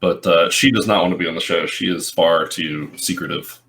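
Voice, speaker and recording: A man's voice: deep voice, normal speed, vocal fry, a bit bright. A man in casual chat, making playful, wry remarks.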